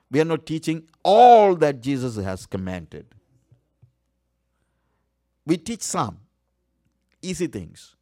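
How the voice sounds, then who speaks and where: Earnest preacher man, slow and dry. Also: medium pitch, mellow, dry recording. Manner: earnest, repeats key words for emphasis, frequent uh fillers. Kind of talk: sermon.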